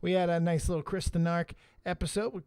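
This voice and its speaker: High pitched guy hosting a stream, cussing a lot, rowdy and blunt. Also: level tone, fast talker, darkish tone, clean tone, no room sound, studio quality. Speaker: livestream host. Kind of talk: casual stream banter.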